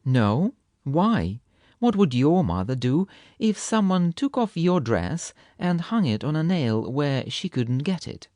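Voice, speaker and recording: A cheeky little male kitten, put on by a male storybook reader, pitched a touch higher and full of lively swoops. He tells tall tales with a proud, easily offended air, in a dry, close recording. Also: takes it slowly, no room sound. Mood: teasing, indignant. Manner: fanciful, indignant storytelling.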